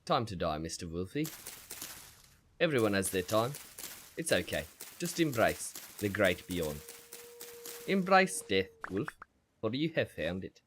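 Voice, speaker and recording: A man's voice: on the low side, very animated, measured pace, long pauses, fairly bright tone, a little hiss or hum. A man putting on a grave South African executioner. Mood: mock-solemn. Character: mock-solemn man sending a wolf to death.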